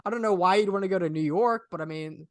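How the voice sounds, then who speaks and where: A young man co-hosts a casual podcast chat, rambling with lots of "I mean" and "literally." His voice is high-pitched and fast, recorded with studio quality and no echo.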